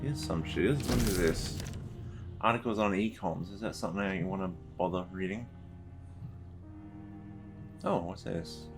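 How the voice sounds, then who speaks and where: A man plays a game and talks over it casually, his voice sitting somewhat low. He jokes, swears and mocks what he reads on screen. Faint music runs behind him. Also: unhurried, long pauses. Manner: joking and irreverent, swears, mocks in-game text. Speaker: let's play host. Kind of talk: casual gameplay commentary.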